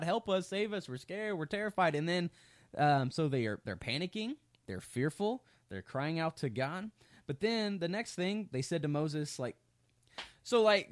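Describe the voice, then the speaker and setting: A man's voice: a little high, dry recording. Male Bible teacher, casual and filler-heavy, bouncy delivery, dry close sound. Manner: conversational, many fillers, sarcastic asides.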